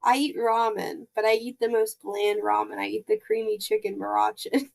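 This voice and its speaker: A woman's voice: a little high, expressive, moderate pace, creaky. A young woman co-hosting a podcast, chatting casually, teasing and laughing easily. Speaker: podcast co-host.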